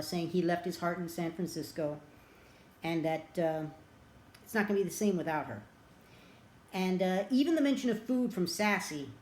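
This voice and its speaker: A woman's voice: lowish voice, a little mellow. A woman casually retelling a movie plot as a reviewer, rambling and chatty with plenty of filler words. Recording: roomy echo.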